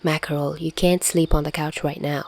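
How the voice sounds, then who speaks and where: Brief: a woman doing a short, raspy young man, gruff yet gentle, low and hushed. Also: little pitch movement, moderate pace, dry recording. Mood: gruffly caring.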